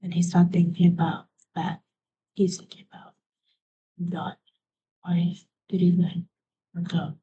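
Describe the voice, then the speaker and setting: Woman streamer, lowish mellow voice, soft rambling half-whispered narration. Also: flat delivery, a little slow, long pauses, muffled recording, a little hiss or hum. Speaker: live streamer.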